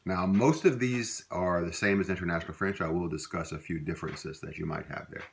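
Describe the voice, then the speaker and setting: A middle-aged man with a Louisiana accent teaching a language lesson in a relaxed, rambling way, with many fillers and self-corrections. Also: low voice, a little fast, creaky. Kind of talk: casual spoken lesson.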